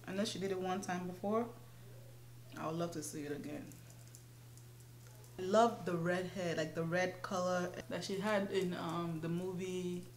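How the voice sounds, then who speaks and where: A young beauty vlogger with a lowish voice chats casually while doing her makeup in a get-ready-with-me video, laughing often. The room sounds echoey.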